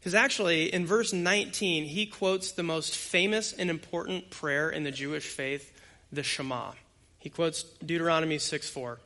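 A male pastor preaches with a bright, forceful tone and a voice that sits a little high for a man. He talks conversationally and hits his points hard. He speaks straight to the people in front of him. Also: moderate pace. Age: adult with young children. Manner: conversational, emphatic preaching that addresses the congregation directly. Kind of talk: expository sermon.

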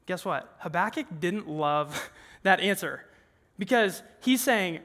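Young male preacher, high and bright voice, earnest and conversational, long hall reverb. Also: animated, slow. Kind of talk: sermon. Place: large worship room with an audience.

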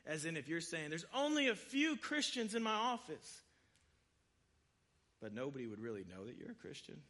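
A man's voice: on the high side, big pitch swings, moderate pace, bright, forceful tone. A man preaching a sermon in a conversational way, acting out quoted voices. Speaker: pastor.

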